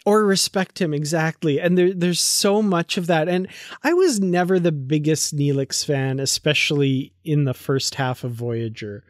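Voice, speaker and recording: A man's voice: a little high, no room sound. Chatty male podcast co-host, dry mic. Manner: chatty, acts out characters' lines in quick asides. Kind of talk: casual book-club discussion.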